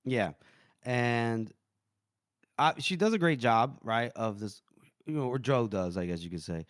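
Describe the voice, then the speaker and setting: A man's voice: medium pitch, expressive, measured pace, no room sound, studio quality. A man co-hosting a book podcast, retelling scenes casually and acting out characters' lines. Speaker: podcast co-host.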